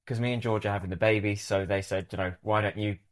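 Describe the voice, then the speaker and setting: A young adult man, a podcast host, telling a story in an animated way and laughing as he goes. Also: fairly low pitch, fast talker. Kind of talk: casual storytelling.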